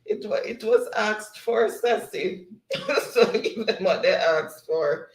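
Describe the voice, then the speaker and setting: A man's voice: high-pitched, reverberant. A man hosting a livestream, reading viewers' chat aloud and laughing often. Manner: laughs often, slow and easygoing. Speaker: livestream host.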